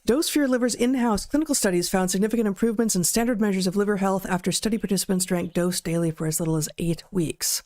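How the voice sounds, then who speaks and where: A woman co-hosting a podcast, talking casually with a dry, wry manner that is a bit halting at times, and reading sponsor ads. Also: mid-range voice, dark tone. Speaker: podcast co-host. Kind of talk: casual chat and read ad.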